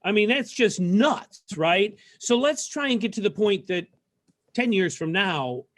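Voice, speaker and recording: A man with a notably high voice hosts a casual civic interview over a video call. He talks earnestly, musing aloud and letting sentences trail off softly. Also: expressive, unhurried. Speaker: talk show host.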